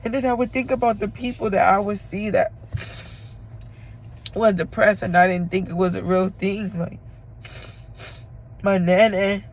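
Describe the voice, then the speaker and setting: Tearful woman vlogger, heartfelt and halting, talking straight to camera in a mid-range voice. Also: medium pitch, steady tone, a little hiss or hum, poor audio. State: tearful from crying. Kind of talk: emotional confessional vlog.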